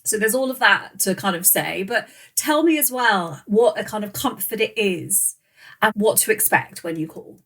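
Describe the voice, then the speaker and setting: A woman's voice: mid-range voice, lively intonation, normal speed, fairly bright tone. Encouraging female podcast host. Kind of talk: interview.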